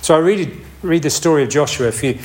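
A man's voice: a little high, fairly quick, a little mellow. Chatty man preaching a sermon. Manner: conversational, rambling with restarts and asides. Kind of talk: informal sermon.

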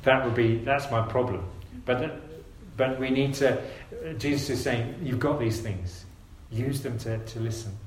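Male preacher, mid-pitched, earnest and gentle exhortation, roomy church sound. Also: fairly even intonation, unhurried, few pauses. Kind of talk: sermon.

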